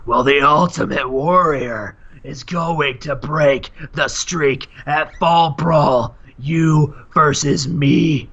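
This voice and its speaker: A man putting on a slow, boastful wrestling legend cutting a dramatic promo, on a dull lo-fi mic. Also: a little high, fairly bright tone, full character voice.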